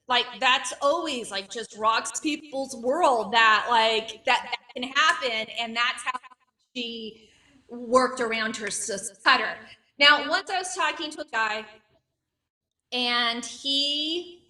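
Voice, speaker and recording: A woman in her late thirties performs a stand-up comedy set with a stutter, repeating and blocking on sounds. Her delivery is wry and self-mocking. Her voice is high and bright, picked up from a distance. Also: slow pace.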